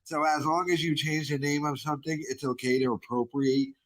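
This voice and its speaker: A man's voice: a little high, little pitch movement, a little fast, poor audio. A man co-hosting a podcast, recapping online posts with dry, wry remarks. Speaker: podcast co-host. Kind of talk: reading out posts in casual chat.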